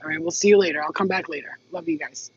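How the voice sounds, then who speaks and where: Woman vlogger, loose chatty delivery, husky edge, muffled dry recording. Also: sits low, steady tone, fast talker. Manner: chatty, swears freely, affectionate sign-offs. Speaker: spiritual healer vlogger. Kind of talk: casual live vlog chat.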